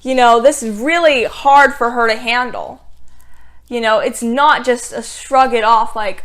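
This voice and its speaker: A woman's voice: a little high, a little slow, a bit bright. A young woman giving a casual TV review, recapping scenes in a sarcastic, exasperated way with lots of "like.".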